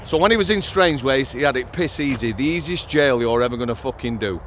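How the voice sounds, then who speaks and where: A middle-aged former prison officer hosts his channel outdoors, spinning blunt, sweary stories in a casual vlog while faint street noise drifts in. His mid-range voice sounds fairly bright, moving at a quick pace with lively intonation.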